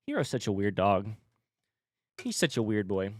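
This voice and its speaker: A man's voice: on the low side, big pitch swings, moderate pace, long pauses, dry recording, clean studio sound. A man chatting casually on a livestream, rambling and reading viewer messages aloud.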